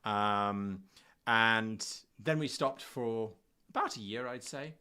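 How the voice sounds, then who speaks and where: A man hosting a casual chat about running games, telling stories in an animated way. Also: lowish voice, slow pace, clean tone. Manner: animated, laughing storyteller. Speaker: host.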